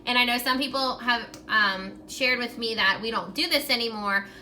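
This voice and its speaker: Woman teacher, video grammar lesson; very bright, slightly high voice, encouraging and clear, faint hiss behind. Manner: clear, encouraging, speaks slowly while writing on a whiteboard. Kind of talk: recorded grammar lesson for young students.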